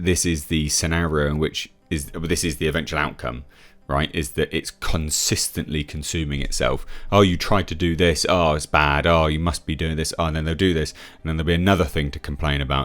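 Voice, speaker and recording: Very deep-voiced scoffing man. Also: steady tone, fast talker, few pauses. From England. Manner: scoffing, laughs at what he reads, many restarts. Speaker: YouTube reviewer. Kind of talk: opinionated commentary reading and reacting to an article.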